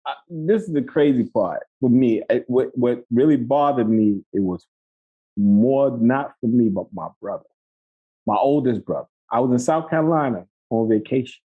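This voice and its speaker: A middle-aged man telling a story in a casual interview, animated and slangy, laughing often. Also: medium pitch, normal speed, husky, phone-quality sound. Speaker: podcast guest, actor.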